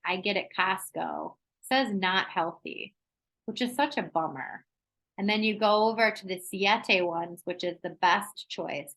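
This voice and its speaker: A woman presenting a live online wellness workshop on a video call, talking in an energetic, chatty way with frequent "um"s. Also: mid-range voice, low-quality recording.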